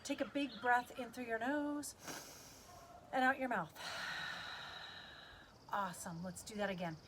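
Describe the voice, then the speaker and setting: A woman's voice: fairly high pitch, animated, unhurried, noisy background. A woman leading a guided kids yoga class, cueing poses in an upbeat, playful way and making animal sounds.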